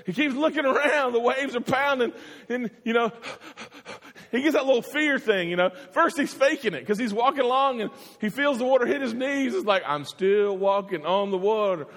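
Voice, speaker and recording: A man preaching a sermon, telling the story in an animated way and acting out the voices. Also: very high-pitched, a little fast. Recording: long hall reverb.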